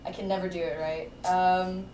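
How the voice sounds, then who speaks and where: A woman's voice: on the low side, level tone, normal speed. A young woman co-hosting a casual chat, playful and giggly, often slipping into silly voices. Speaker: co-host and musician. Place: room on a film set. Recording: roomy, distant sound with loud background noise.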